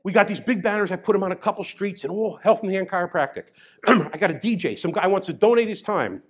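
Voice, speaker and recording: High-voiced New storyteller man. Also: fast. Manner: animated, grows loud and excited as the story builds. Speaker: chiropractor. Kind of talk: storytelling talk.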